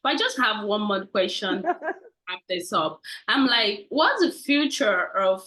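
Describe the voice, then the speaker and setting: A woman's voice: medium pitch, animated, moderate pace, bright, forceful tone. A woman hosting an interview, responding with short affirmations and moving the talk along. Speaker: host. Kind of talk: interview conversation.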